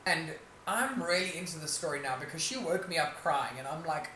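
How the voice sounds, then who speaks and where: A woman with a fairly low voice tells a road-trip story, throwing herself into the quoted lines. The sound is roomy and slightly distant, with steady background noise. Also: fairly quick. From South Africa. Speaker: podcast co-host. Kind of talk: casual chat. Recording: echoey room, mic at a distance, noisy.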